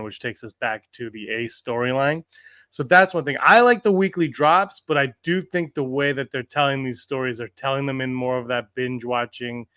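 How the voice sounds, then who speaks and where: Bright, crisp-voiced male podcast host. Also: mid-range voice, no echo, clean studio sound. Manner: easygoing, laughs often, restarts sentences. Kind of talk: casual podcast chat.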